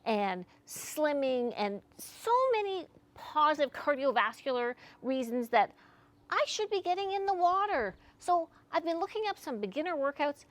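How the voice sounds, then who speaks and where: Older woman, fitness vlogger, high voice, animated pitch, candid and chatty. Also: moderate pace. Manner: chatty, candid and self-deprecating. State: out of breath after swimming. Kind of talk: casual talk to camera.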